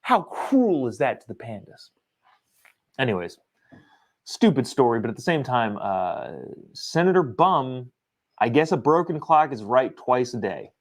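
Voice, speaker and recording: A man's voice: mid-range voice, very animated, unhurried. A man hosting a political commentary show, talking in an opinionated, sarcastic way. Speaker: host.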